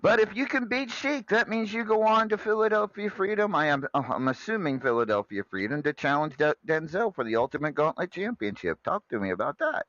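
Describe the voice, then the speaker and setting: A man hosting a casual online chat. He stammers and restarts his sentences, and his pitch swings widely. The recording is dull and lo-fi, with a dry sound. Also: lively intonation, a little fast, few pauses, fairly bright tone, no room sound. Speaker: show host.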